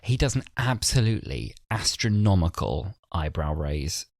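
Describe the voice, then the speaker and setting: A young man in his twenties co-hosts a podcast, talking in a lowish voice with lively ups and downs. He laughs often and hurries through his stories. The recording is dry and close. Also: normal speed, creaky, no echo. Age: 20s. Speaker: podcast co-host. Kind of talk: casual chat.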